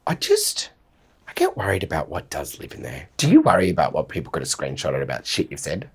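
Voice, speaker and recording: Aussie male podcast co-host, husky, lively pitch, sweary storyteller. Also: fairly quick. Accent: Australian. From Australia. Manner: swearing, animated storytelling with shouted impressions. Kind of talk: casual banter.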